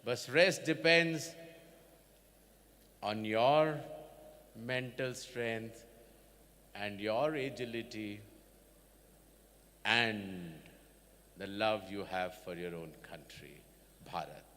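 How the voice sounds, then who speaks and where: A man's voice: fairly low pitch, a bit bright, long reverb tail. A man giving a convocation address to students, speaking in an emphatic way and asking many rhetorical questions. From India. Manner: slow, emphatic, repeats 'sir' and rhetorical questions. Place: large hall.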